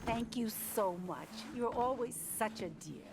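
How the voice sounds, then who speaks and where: A gossipy older cafe owner. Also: female voice, a little high, expressive, unhurried, very noisy. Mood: chatty. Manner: gossipy, sweet, calls people dear and hun. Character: chatty older small-town cafe owner, motherly gossip.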